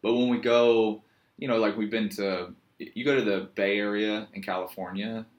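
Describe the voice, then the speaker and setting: A man with a Virginian accent and a very low voice talks straight to his viewers in a loose, meandering monologue. He drifts between stories and deadpan jokes, poking fun at himself along the way. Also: moderate pace, lo-fi sound. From Virginia, USA. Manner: joking, meandering, self-mocking storyteller. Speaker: yoga teacher and vlogger. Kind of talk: rambling casual monologue.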